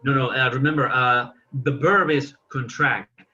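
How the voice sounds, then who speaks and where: Bright-voiced man teaching an online English class. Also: medium pitch, moderate pace, dull audio. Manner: patient, correcting students.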